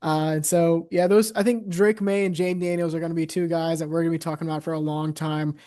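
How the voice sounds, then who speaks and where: A man's voice: on the high side, level tone, fast talker, warm tone. A young man co-hosting a casual sports podcast, talking steadily with many "uh" and "you know" fillers. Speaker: podcast co-host.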